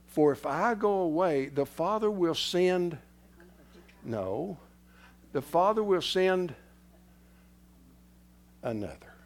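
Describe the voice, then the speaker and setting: A man preaching a sermon, swinging from loud declarations to hushed, near-whispered lines. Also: fairly high pitch.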